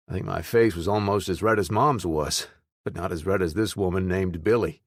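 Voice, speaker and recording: A man narrating a first-person audiobook in a plain, steady storytelling manner. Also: sits low, normal speed, no room sound, studio quality.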